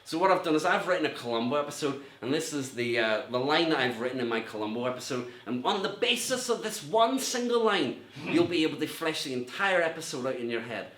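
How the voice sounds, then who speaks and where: A man's voice: on the high side, sing-song, fast, a bit bright. A middle-aged man with a Northern Irish accent doing a rambling, self-mocking stand-up set from home, laughing at his own jokes. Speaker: stand-up comedian. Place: room at home with a mirror. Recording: echoey room, faint noise.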